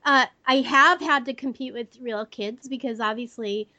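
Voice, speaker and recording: Older woman voice actor, squeaky and upbeat, dry close mic, casual interview guest. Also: normal speed, pushed and bright, no echo, dull audio. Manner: chatty, laughs easily, self-deprecating.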